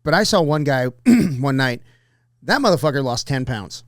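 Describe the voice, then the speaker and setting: A man's voice: medium pitch, animated, normal speed, dry recording, studio quality. Rambling, profane storytelling man. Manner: rambling, profane anecdotes with acted quotes. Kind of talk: casual podcast storytelling.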